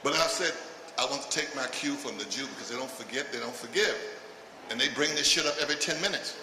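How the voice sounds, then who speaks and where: In an echoey hall buzzing with audience noise, a medium-pitched man delivers fast, punchy stand-up, teasing the crowd and laughing through his own material. He's recorded from a distance.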